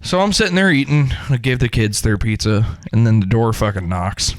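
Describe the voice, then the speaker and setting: A man's voice: medium pitch, normal speed, dry recording, studio quality. A young man co-hosting a casual podcast, telling stories and acting out quotes, swearing freely. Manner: animated storyteller, acts out quotes, swears often. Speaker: podcast co-host. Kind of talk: casual chat among friends.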